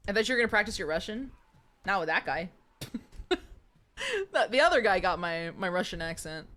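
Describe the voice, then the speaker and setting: A woman's voice: fairly low pitch, lively intonation, fairly quick, long pauses, a bit bright. A woman in her twenties streaming a game live, chatting playfully and joking with viewers. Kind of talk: live gameplay commentary.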